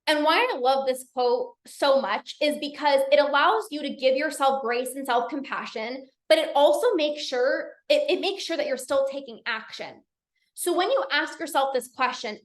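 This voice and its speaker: A woman with a high voice coaches a live online class. She speaks earnestly, often repeating phrases and laughing easily. Her voice carries a roomy echo. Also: moderate pace.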